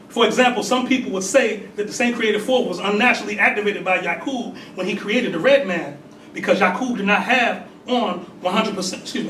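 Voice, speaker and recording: A man in his forties teaches a congregation in a temple. His voice is high, and the mic sits far from him in an echoey hall with steady noise behind. He asks questions of the room and laughs between points. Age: 40s. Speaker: religious teacher. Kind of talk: sermon with call and response.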